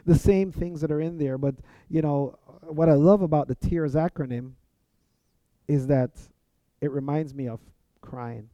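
A man preaching about how to pray, earnest and measured, his voice very warm and mellow yet set a little high. The sound is dry and dull, with a muffled lo-fi quality. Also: dry recording. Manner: earnest, speaks example prayers aloud. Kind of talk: teaching sermon on prayer.

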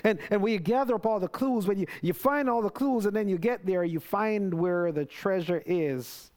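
Earnest, conversational male preacher, fairly high voice. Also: normal speed. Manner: conversational, earnest, with many restarts and animated quoted prayers. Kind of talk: sermon.

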